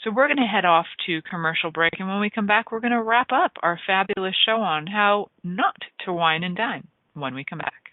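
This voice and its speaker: A woman's voice: mid-range voice, lively intonation, moderate pace, few pauses. A woman hosting a radio talk show, chatting in a playful, rambling way with many fillers. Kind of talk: casual solo radio talk. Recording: tinny phone line.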